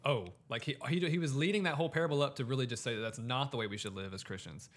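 In a casual podcast conversation about scripture, a male co-host races along in a mid-range voice. He reasons out loud as he goes, peppering his speech with "like."

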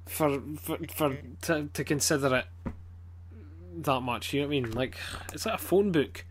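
A Scottish-accented man co-hosts a podcast in casual chat, blunt and swearing a lot as he rambles with plenty of fillers. His voice is on the high side at a moderate pace, with a little hiss or hum in the recording.

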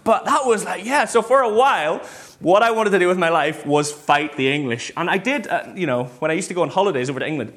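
A man preaching a sermon in a chatty, animated storytelling way, with plenty of fillers and restarts. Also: sits high, quick pace.

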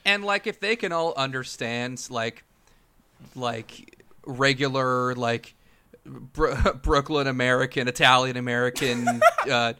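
A man in casual podcast banter, his voice bright and forward with a smooth, clean tone. He rambles through comic theories, stumbling over restarts and laughing mid-sentence. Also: mid-range voice, slow. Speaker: podcast co-host. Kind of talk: casual comedic chat.

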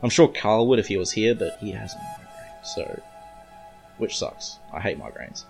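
A man's voice: lowish voice, expressive, normal speed, gravelly, a little mellow, soft background music. An Australian man casually recapping and reviewing a comic book issue in a chatty, rambling way. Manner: chatty, rambling, reads comic lines aloud.

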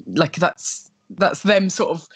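A woman's voice: on the low side, takes it slowly, husky. A woman co-hosts a casual chat from home over a video call. She talks in a hesitant, self-deprecating way, trailing off with plenty of fillers. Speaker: host.

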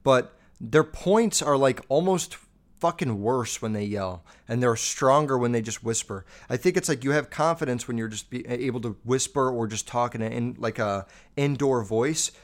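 A man's voice: mid-range voice, normal speed. A man hosting a podcast, ranting casually and bluntly, with heavy swearing and lots of fillers. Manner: profane, blunt, rambling with many fillers. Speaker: podcast host.

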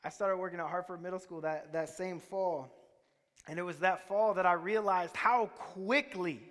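A man's voice: high voice, steady tone, normal speed, fairly bright tone. A man preaching a sermon, telling stories in a conversational way and quizzing the congregation. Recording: reverberant hall.

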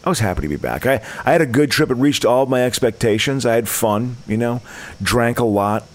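A man telling a loose, rambling story in casual podcast chat, with restarts and a dry, sarcastic streak. His pitch moves widely around an average middle. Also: animated, brisk, crowd noise. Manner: rambling, sarcastic, laughs often. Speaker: podcast co-host.

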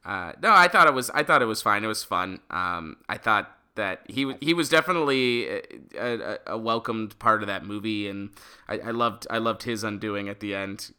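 A man co-hosting a movie podcast in casual, animated, jokey chat. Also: lowish voice, moderate pace, clear, resonant tone. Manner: animated, jokey, swears freely. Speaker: podcast co-host.

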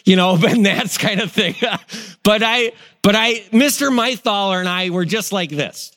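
A middle-aged man preaching a sermon, animated, acting out people's reactions as he tells stories. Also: high-pitched, unhurried, long reverb tail. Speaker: pastor.

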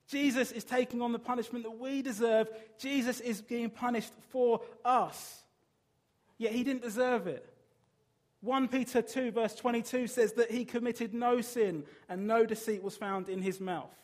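Earnest high-voiced man preaching. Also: fairly even intonation, moderate pace. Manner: earnest, emphatic, asks the listeners rhetorical questions. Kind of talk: sermon.

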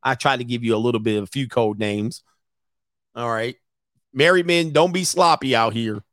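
A man hosting a live stream as a dating coach, ranting comically and acting out both sides of a story in quick voices, laughing often. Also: mid-range voice, a bit bright, no room sound, studio quality. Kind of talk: casual comedic rant.

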